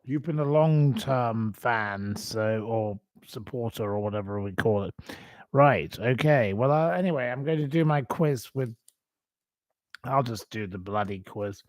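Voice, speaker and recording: A man's voice: medium pitch, measured pace, a little mellow, no room sound. A man hosting a casual live stream, chatty and apologetic, swearing now and then as he runs a quiz over a computer microphone. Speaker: livestream host. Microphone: computer webcam mic.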